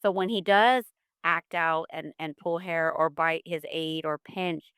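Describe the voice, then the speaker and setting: A middle-aged woman with a smooth, resonant voice that sits a little low, speaking as a podcast guest. She tells her family's story earnestly, with heartfelt conviction. The sound is close and dry. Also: a little slow, fairly bright tone, no room sound. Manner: earnest, faith-filled storytelling. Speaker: guest, mother of an autistic son.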